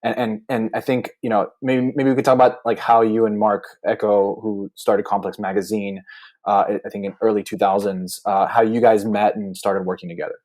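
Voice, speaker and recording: Relaxed male interviewer with a lowish voice who circles into his questions. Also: fairly quick. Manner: easygoing, hedging with many fillers. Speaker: podcast host.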